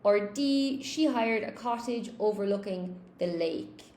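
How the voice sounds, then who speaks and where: A woman's voice: medium pitch, a little slow, darkish tone, a little hiss or hum. A woman English teacher on a live-stream lesson, chatting with viewers, thinking aloud and thanking them by name. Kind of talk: live-stream lesson, reading and answering chat. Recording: roomy echo.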